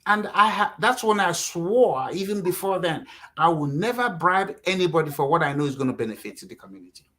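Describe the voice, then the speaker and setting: Animated Nigerian-born man telling stories. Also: high voice, fairly quick, few pauses, poor audio. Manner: animated storyteller, acts out quotes, frequent "you know". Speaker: guest. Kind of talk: casual interview talk.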